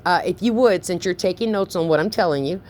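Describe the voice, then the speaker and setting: A woman with a lowish voice pushes her complaint over the phone, insistent and emotional, circling back to the same points again and again. A faint hiss sits under her voice. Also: fast, a little mellow. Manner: insistent, emotional, repeats herself. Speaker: claimant on a phone call.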